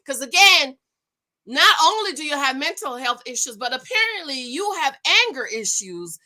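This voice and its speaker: A woman's voice: high voice, very animated, moderate pace, bright, forceful tone. A woman in her forties giving a chatty, sassy recap of a reality show, talking straight to her viewers. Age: 40s. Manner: chatty, sassy asides like "honey" and "girl". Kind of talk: casual commentary.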